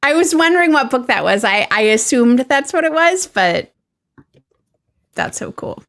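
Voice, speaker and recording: A woman's voice: sits high, expressive, normal speed, a bit bright. A woman hosting a casual chat over a video call, hesitant with stammering restarts. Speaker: host.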